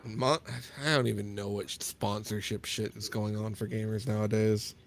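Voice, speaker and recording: A man's voice: fairly low pitch, level tone, moderate pace. A man hosting a podcast, talking in casual, sardonic banter and swearing a lot. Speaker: podcast host.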